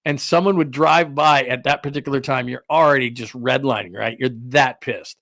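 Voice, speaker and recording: A middle-aged man hosting a sports talk show rambles casually through a story and laughs as he goes. His voice sits in a middle pitch, and the recording sounds dry and close. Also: normal speed, gravelly, a bit bright, dry recording. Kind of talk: casual chat.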